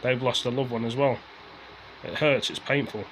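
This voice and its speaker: A man's voice: mid-range voice, steady tone, normal speed, a bit bright, slight background noise, low-quality recording. Frustrated rambling man. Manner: frustrated, rambling, repeats phrases, swears. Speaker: vlogger. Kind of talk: casual ranting to camera.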